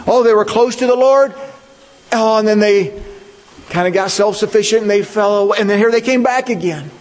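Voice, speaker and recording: In a large hall, a male pastor with a high-pitched voice delivers a conversational sermon at normal speed. He asks his listeners rhetorical questions and hits key points with animated emphasis.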